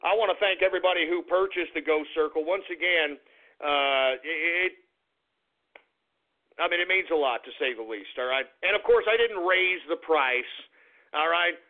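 A man's voice: a little high, normal speed. A man hosting a radio talk show, ranting in a casual, profane, blustery way and repeating himself. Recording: tinny phone-like line.

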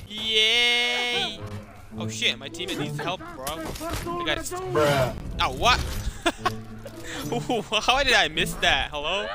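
Young man, trash-talking gameplay commentary, slightly high voice, loud game music underneath. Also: big pitch swings, measured pace. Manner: trash-talking, swearing, laughing at opponents. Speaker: gaming YouTuber.

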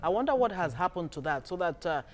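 A man's voice: high-pitched, very animated, quick pace. A man hosting a breakfast TV show, chatting and prompting his guests. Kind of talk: TV interview.

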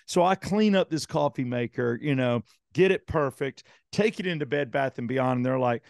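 A man's voice: medium pitch, normal speed, vocal fry, hardly any pauses, no room sound, studio quality. A man co-hosting a podcast, telling a long rambling story in casual chat and swearing freely. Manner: rambling, swears, animated retelling. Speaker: podcast co-host.

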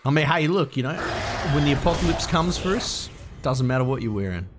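Crude jokey gamer. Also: male voice, fairly high pitch, lively intonation, a little fast. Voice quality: crude, jokey banter with swearing. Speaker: gaming host. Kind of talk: let's play commentary. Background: game music.

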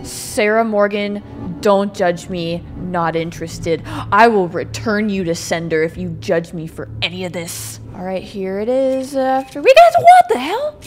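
A woman streamer excitably talking to herself while playing a game, swearing and reacting loudly. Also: medium pitch, a little slow, faint music behind. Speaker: gameplay streamer. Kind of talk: let's play commentary.

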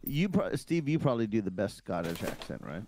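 A man's voice: on the low side, big pitch swings, a little fast, a little hiss or hum. A man chatting casually and joking with friends while playing an online game, teasing and playful. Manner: playful, jokey, swings between loud and quiet. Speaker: gaming friend. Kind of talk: casual gaming chat.

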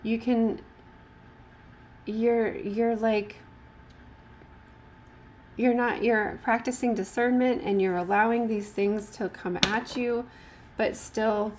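A woman giving a casual tarot card reading, mixing gentle talk full of fillers and restarts with passages read from the cards. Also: fairly high pitch, fairly even intonation, takes it slowly, long pauses, a little hiss or hum.

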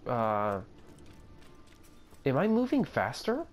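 Slow-talking young man narrating his gameplay. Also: medium pitch, wildly swooping pitch, faint music behind. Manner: rambling, self-talking, easily amazed. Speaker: gaming video creator. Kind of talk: casual gameplay commentary.

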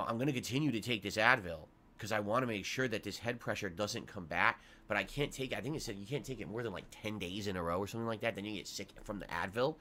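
A man's voice: on the low side, pushed and bright, slight background noise. A man with a congested nose giving viewers a rambling, complaining update on his illness. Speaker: streamer. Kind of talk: sick-day update to viewers.

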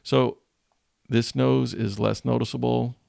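Man, teacher, tutorial voice-over, very gravelly, dry close sound, jokey, thinking aloud. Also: medium pitch, flat delivery, measured pace, a little mellow, no echo. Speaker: teacher and channel host. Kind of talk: screen-recorded 3D design tutorial.

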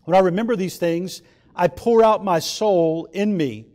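Male pastor, fairly high voice, earnest preacher who slows and swells on scripture. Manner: earnest, builds to louder, higher emphasis; slows down and draws out scripture readings. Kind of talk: sermon.

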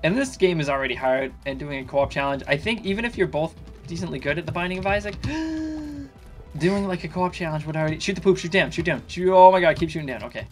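A slightly drunk man giving casual let's play commentary, excitable and swearing in sudden panicky outbursts. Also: on the high side, fast talker, few pauses, soft background music. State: tipsy. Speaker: gaming YouTuber.

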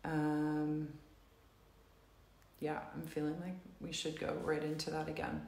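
A woman coaching a live tapping session, saying slow, repeated affirmations for viewers to echo. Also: low-pitched, level tone. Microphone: live stream recording.

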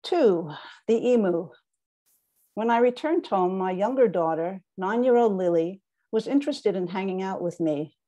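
A woman's voice: medium pitch, animated, moderate pace, mellow, highs cut off. A middle-aged woman author reading her memoir aloud in a wry, understated way.

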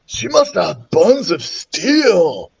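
A mischievous young boy who brags and whispers conspiratorially, as a man puts him on for a storybook. His voice jumps high and sounds lively, with big swings of pitch. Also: moderate pace, gravelly, husky, exaggerated voice. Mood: awed. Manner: eager, loud whispering. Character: bragging mischievous schoolboy Ryan.

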